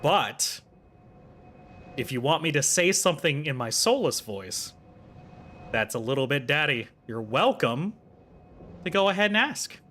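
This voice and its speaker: A man's voice: fairly high pitch, very animated, a little slow, pauses often, sharp tone, slight background noise. A man streaming a video game, chatting casually with his viewers in a playful, teasing way. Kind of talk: casual livestream chat.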